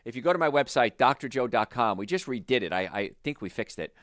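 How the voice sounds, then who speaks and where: A holistic health practitioner answers viewer questions in a casual, animated, chatty manner, often drifting into anecdotes. His mid-range voice moves at a quick pace, and the studio recording is clean with no room sound.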